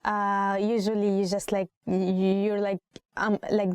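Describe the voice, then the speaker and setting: A woman's voice: medium pitch, flat delivery, darkish tone, clear, resonant tone, no room sound, studio quality. A woman with an Egyptian accent teaching spoken Arabic, saying each phrase twice and then explaining it in English. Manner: repeats phrases slowly, then translates. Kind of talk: language lesson.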